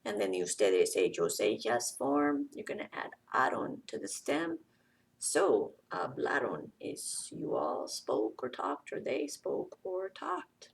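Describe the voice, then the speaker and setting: A woman's voice: extremely low pitch, huge pitch swings, slow pace, gravelly, far from the mic. A woman teaching a Spanish grammar lesson, explaining step by step and often checking in with "okay".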